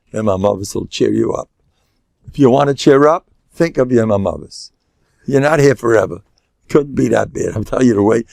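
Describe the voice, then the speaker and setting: A man's voice: medium pitch, vocal fry, a little mellow, no room sound. An older man, a rabbi teaching a class, lecturing live to an audience in a joking way and sprinkling in Yiddish and Hebrew terms.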